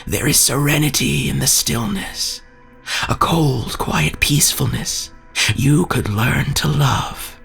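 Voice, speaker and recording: A man doing a slimy creature from a dark tunnel, speaking in a slow, thick, gurgling drawl. It coaxes and menaces in a hushed, low voice, with faint music underneath. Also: vocal fry, heavily acted. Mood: coaxing. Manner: soft, coaxing, drawn-out.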